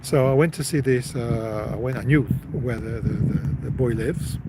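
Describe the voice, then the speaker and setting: A man's voice: mid-range voice, normal speed, noisy background. A man hosting a live stream, telling a story in a casual, rambling way. He often stops and repeats words as he goes.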